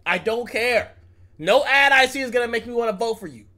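A man's voice: very high voice, expressive, a little fast, bright, forceful tone. A young man streaming, reacting to a video in slangy, profane casual talk. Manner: slangy and profane, says bro a lot.

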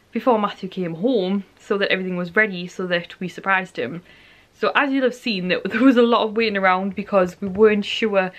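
A woman's voice: medium pitch, a bit bright. Tired, chatty young woman vlogging. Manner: rambling, apologetic, chatty. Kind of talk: casual vlog chat to camera. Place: at home, indoor room.

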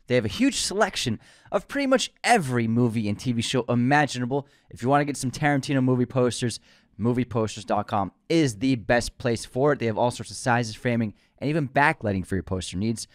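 A man's voice: mid-range voice, lively intonation, fairly quick, no room sound, clean studio sound. A man co-hosting a casual movie podcast, joking, laughing easily and reading a sponsor spot with energy. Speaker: podcast co-host.

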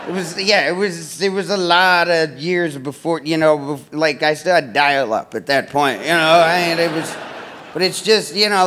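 Rambling stand-up comic man, slightly high. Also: pushed and bright, a little hiss or hum. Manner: rambling, self-deprecating, lots of fillers and restarts. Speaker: stand-up comedian. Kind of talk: stand-up comedy set. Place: comedy club stage.

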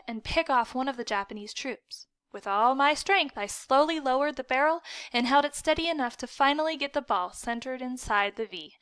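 Bright, crisp woman reading aloud. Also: fairly high pitch, no echo. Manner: lively, expressive storytelling. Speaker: audiobook reader. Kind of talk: first-person audiobook narration.

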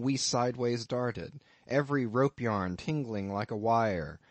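Brief: male audiobook narrator, measured literary reading, mid-range voice, dead-dry sound. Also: mid-range voice, dry recording. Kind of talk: scripted narration of a classic novel.

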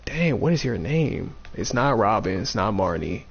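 A man's voice: on the low side, very animated, normal speed, gravelly, breathy edge. A man giving casual, playful let's-play commentary, thinking aloud and repeating himself, with a dull lo-fi mic and faint game music. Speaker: gaming streamer.

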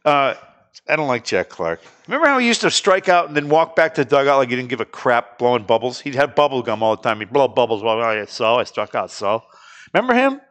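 A man hosting a casual chat, jokey and animated, laughing often. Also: mid-range voice, quick pace. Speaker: radio show host.

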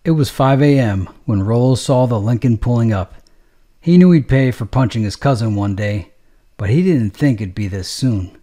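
A man's voice: medium pitch, lively intonation, normal speed, dark tone. A man narrating a gritty street novel in a streetwise, matter-of-fact, profane way. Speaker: audiobook narrator.

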